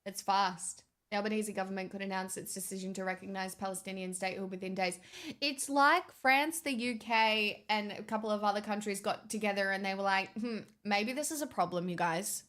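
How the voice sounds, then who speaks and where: A woman's voice: medium pitch, fairly even intonation, fairly quick, a bit bright. A young woman streaming, chatting casually with her viewers in a sarcastic, bantering way. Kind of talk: casual livestream chat.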